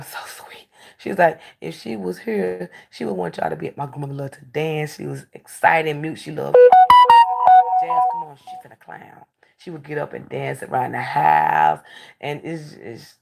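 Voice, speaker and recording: A blunt, candid woman chats casually as a talk show host. Her voice sits low, with a gravelly, husky texture. Her pitch swings widely between animated outbursts and hushed asides. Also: unhurried. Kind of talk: casual storytelling chat.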